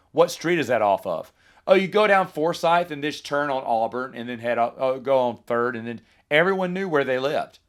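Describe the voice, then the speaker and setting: A man in his forties hosting a podcast, telling rambling nostalgic stories in a casual monologue with lively asides. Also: mid-range voice. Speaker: podcast host.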